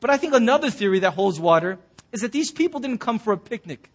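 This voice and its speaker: A male pastor preaching a sermon in his church. He tells the story in an animated way and acts out the people he quotes. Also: very high voice, quick pace. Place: church sanctuary.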